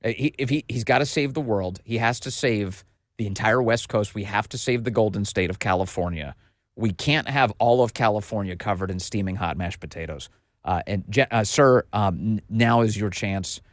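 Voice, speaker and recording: A man's voice: on the low side, moderate pace, no echo, clean studio sound. A man hosting a political commentary show, reading documents aloud with emphatic, sarcastic remarks and asides to viewers.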